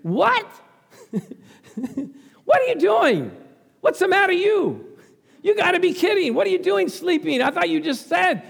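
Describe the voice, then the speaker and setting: Brief: a preacher doing an incredulous teacher scolding a sleeper, high and lively, booming church echo. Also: male voice, measured pace, creaky, long pauses, full character voice. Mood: exasperated. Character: exasperated male holy teacher scolding a sleeper. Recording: long church reverb.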